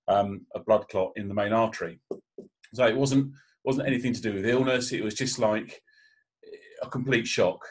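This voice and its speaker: A man, likely in his thirties, speaking as a guest on a panel, telling a candid personal story with emotion and frequent restarts. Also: lowish voice.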